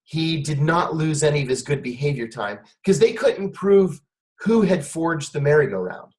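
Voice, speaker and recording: A middle-aged man, a guest on a talk show, telling a wry, animated story in conversation. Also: on the high side, normal speed, poor audio.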